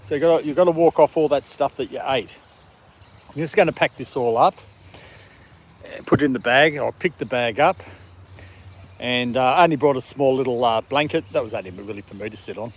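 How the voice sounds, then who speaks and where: A relaxed man from a country town in Australia chats during a casual livestream with his dog, outdoors in a city park in the evening. His mid-range voice is a little fast with a breathy edge. He rambles, chuckles often and coos at the dog.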